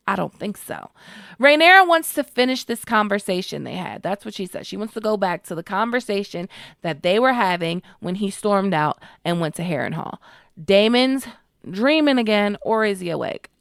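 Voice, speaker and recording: A woman giving a casual, expressive recap of a TV episode, slangy and emotionally invested. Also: mid-range voice, moderate pace, gravelly, no echo, clean studio sound. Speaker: TV show reviewer.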